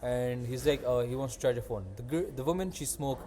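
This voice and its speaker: This is a young man with a medium-pitched voice, talking briskly over a slight hiss or hum. He's hosting a podcast and telling an animated story, acting out the quoted voices of its characters in casual conversation.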